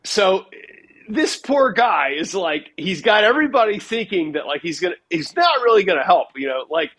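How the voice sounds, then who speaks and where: A man speaking as an interview guest, his voice sitting a little high for a man. He talks in a loose, rambling way, full of filler words, and tells stories with a lot of animation. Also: very animated, moderate pace, a bit bright. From United States. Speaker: guest investor. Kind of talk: casual interview talk.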